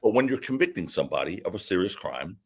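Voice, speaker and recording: Guest attorney, male: low, slightly husky voice, swings widely in pitch, animated storyteller. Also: fast. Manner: animated, lively anecdote-telling. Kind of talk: casual interview storytelling.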